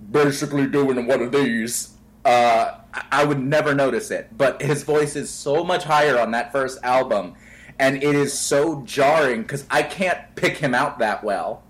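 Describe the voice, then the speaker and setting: An animated man co-hosting a podcast, playful and quick to tease. He talks in a loose, conversational way, breaking into voices now and then. His voice sits in a middle pitch. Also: poor audio. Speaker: podcast co-host. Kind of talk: casual chat.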